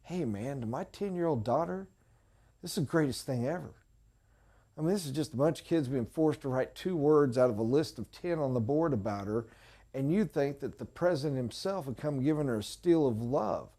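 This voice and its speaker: A man giving a motivational sales training talk, emphatic, repeating short punchy phrases and swinging from quiet and low to loud and high. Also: expressive, moderate pace.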